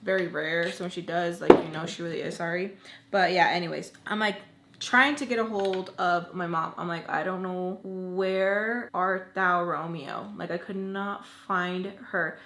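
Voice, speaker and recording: A young woman vlogger telling a long story in casual chat, animated and full of "like", acting out angry phone calls. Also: fairly low pitch, normal speed. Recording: echoey room, faint noise.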